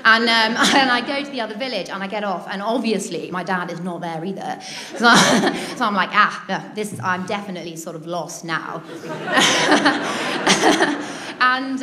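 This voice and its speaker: A woman's voice: mid-range voice, pushed and bright. A British woman telling a personal story to an audience in a chatty, amused, self-mocking way. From Britain. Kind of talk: personal anecdote told to a live audience.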